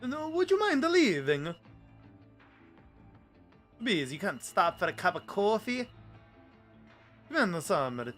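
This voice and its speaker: A man voicing a brash, loud male camp leader in a goofy put-on accent while reading a game story aloud. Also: very animated, slow pace, long pauses, faint music behind, heavily acted. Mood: pushy cheerful. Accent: exaggerated Italian-style put-on accent. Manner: high, shouty, theatrical.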